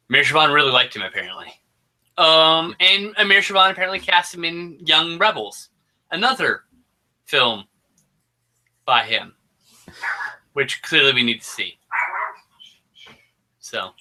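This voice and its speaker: A man's voice: mid-range voice, normal speed, pauses often, pushed and bright. A man co-hosting a casual podcast, animatedly and with exasperation retelling a movie's scenes and mimicking its lines. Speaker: podcast co-host. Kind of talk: casual movie commentary chat.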